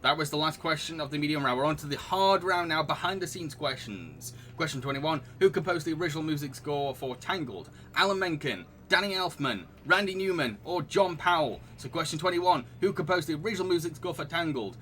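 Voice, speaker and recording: A man with a fairly high, very bright voice hosts a live-streamed quiz. He reads questions and multiple-choice options, then chats and giggles with viewers. A faint hum of noise sits under his voice. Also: lively intonation, brisk, few pauses. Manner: chatty and giggly, reading out questions and answering chat. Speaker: quiz host.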